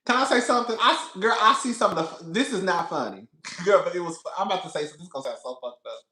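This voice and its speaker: Bright, lively man recapping reality TV. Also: high-pitched, fast. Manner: animated, laughs often, calls listeners "girl". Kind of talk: casual TV recap chat. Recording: echoey room.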